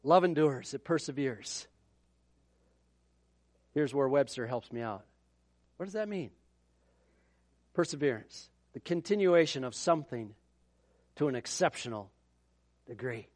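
A man from Minnesota preaching a sermon as the pastor, telling stories with animated, repeating delivery. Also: mid-range voice, unhurried, pauses often, dry recording. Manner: animated storytelling with repeated words and acted-out quotes.

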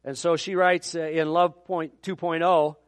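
A man's voice: fairly high pitch, level tone, measured pace, clean tone, dry recording. Conversational man preaching. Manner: conversational, joking asides. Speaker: pastor. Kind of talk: sermon.

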